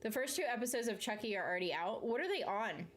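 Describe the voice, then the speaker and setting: A woman's voice: a little high, lively intonation, fast, a little hiss or hum. Rambling woman chatting on stream. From Southern United States. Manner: rambling and chatty, swears casually, often laughs mid-sentence. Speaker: live streamer. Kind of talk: casual live-stream chat, reading out viewer comments.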